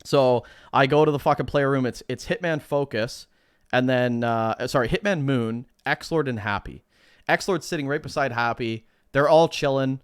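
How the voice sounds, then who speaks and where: A man co-hosting a podcast, telling a story in a casual, animated way, swearing and acting out what people said. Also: mid-range voice, normal speed, clean tone, no room sound, studio quality. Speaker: podcast co-host.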